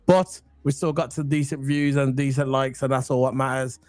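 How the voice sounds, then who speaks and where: A man co-hosting a casual football podcast, excitable and chatty, full of slang. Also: mid-range voice, normal speed, no room sound. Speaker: podcast co-host.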